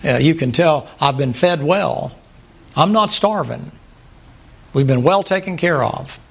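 Folksy older preacher, higher voice. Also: male voice, measured pace, creaky, breathy edge. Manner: folksy, humorous, plainspoken preaching. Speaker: pastor. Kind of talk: sermon.

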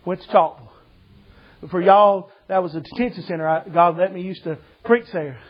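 A man preaching a sermon testimony, telling a lively story and acting out the voices of the people in it. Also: high voice, brisk, lo-fi sound.

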